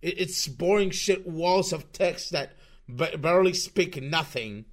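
A man's voice: a little high, unhurried. A young man ranting through online commentary over a screen recording, profane and sarcastic, often restarting his sentences.

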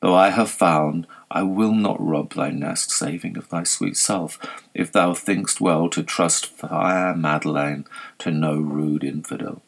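A man's voice: sits low, fairly even intonation, unhurried, creaky, exaggerated voice. A man reading as an ardent young lover. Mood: tender. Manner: urgent, tender verse. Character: ardent young male lover urging flight.

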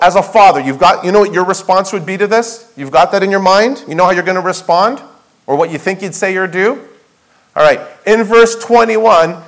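A man's voice: high-pitched, low-quality recording. A man preaching a sermon as pastor, emphatic, asking rhetorical questions and repeating key phrases for weight. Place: church sanctuary.

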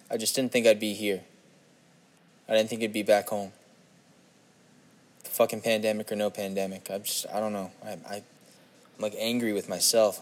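A man's voice: lowish voice, darkish tone. A young man hosting a solo podcast, rambling and swearing as he questions himself in frustration while sitting on a toilet. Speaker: podcast host.

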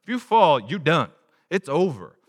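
A man preaching a sermon in a conversational way, asking the congregation rhetorical questions and dropping his voice low for emphasis. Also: sing-song, measured pace. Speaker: pastor.

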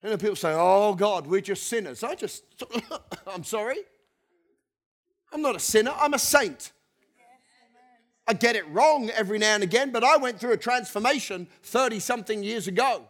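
With a high-pitched voice, a moderate pace and long pauses, a middle-aged male pastor preaches. He reads scripture, makes chatty asides, chuckles between points, and animatedly leads repeated call-and-response with the congregation.

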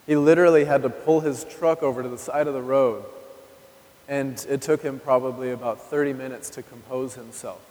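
A man's voice: mid-range voice, fairly even intonation, fairly quick, a little mellow. Male preacher, 30s, candid testimony delivered conversationally to the congregation; live recording in a reverberant hall. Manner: candid, conversational, addresses the audience directly. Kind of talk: personal testimony sermon. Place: church hall.

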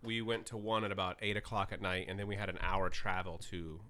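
A man guest in a casual interview, telling lively anecdotes with a self-deprecating touch. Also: low voice, brisk.

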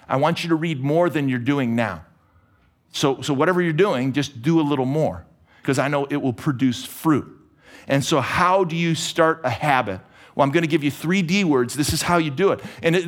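Energetic pastor, fairly high voice. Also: male voice. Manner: energetic, conversational preaching with quick restarts. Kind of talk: sermon.

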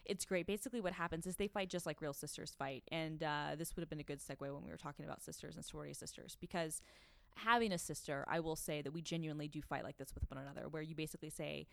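A woman's voice: sits low, fast, vocal fry, hardly any pauses, no echo. A young woman co-hosting a podcast, chatting casually and retelling gossip with lots of likes and ums. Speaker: podcast co-host. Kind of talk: casual chat.

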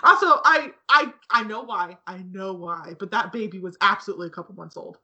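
A woman's voice: mid-range voice, animated, brisk, sharp tone, breathy edge. A woman co-hosting a podcast in casual chat, laughing often as she talks. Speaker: podcast co-host.

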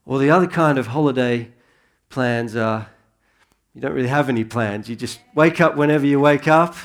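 A man in his thirties preaching a sermon in a relaxed, conversational way that rises into earnest emphasis. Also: mid-range voice, normal speed. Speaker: pastor.

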